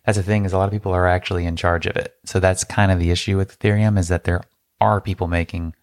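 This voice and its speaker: A man co-hosting a podcast, explaining things in a flat, laid-back way during casual chat. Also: low voice, quick pace, no echo, clean studio sound. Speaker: podcast co-host.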